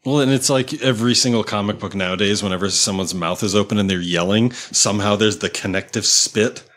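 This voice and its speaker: A man's voice: lowish voice, fairly quick, a bit bright. A man guesting on a comic book podcast, explaining comic history with enthusiasm and frequent laughs. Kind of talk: casual comic book chat.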